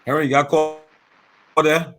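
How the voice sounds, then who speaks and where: A man's voice: on the high side, level tone, normal speed, a bit bright. A man running a radio call-in, hurriedly urging callers on. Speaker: show producer.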